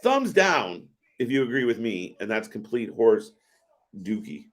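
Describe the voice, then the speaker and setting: A man hosts a live reaction stream in a mid-range voice that leaps and dips with lively, animated inflection. He talks in a quick, excitable, profane way, with swearing scattered through his commentary. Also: mid-range voice. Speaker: host of a wrestling watch-party stream.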